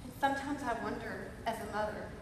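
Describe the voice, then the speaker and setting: Emphatic woman conference speaker, high pitch, heard distantly in a reverberant hall. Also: a little fast, noisy background. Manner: emphatic, swings from shouting to soft. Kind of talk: motivational speech. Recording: echoey hall, voice from far off.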